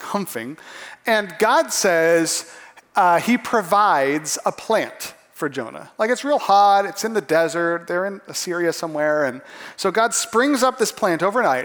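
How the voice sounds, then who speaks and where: A man preaching a sermon, animated, acting out the voices of the people in the story. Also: fairly high pitch. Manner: animated, acts out voices of characters. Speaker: pastor. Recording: long hall reverb.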